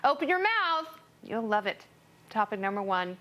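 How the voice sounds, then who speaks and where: A woman's voice: mid-range voice, very animated, normal speed, noisy background. A woman co-hosting a talk show, delivering news and comic segments in a sarcastic, jokey way. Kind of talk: snarky comedic segment hosting.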